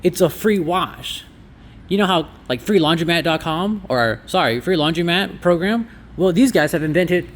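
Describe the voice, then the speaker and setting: A man's voice: on the high side, expressive, normal speed. A man who owns a laundromat, talking casually through a walkthrough vlog with sarcastic asides. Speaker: laundromat owner. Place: inside a laundromat.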